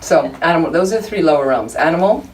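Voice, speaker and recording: Woman with a deep voice, casual joking teaching style, mic at a distance, faint background noise. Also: lively intonation, quick pace, a little mellow. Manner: chatty, humorous, conversational with frequent asides. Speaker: Buddhist study group teacher. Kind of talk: informal dharma teaching. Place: room with a small group of listeners.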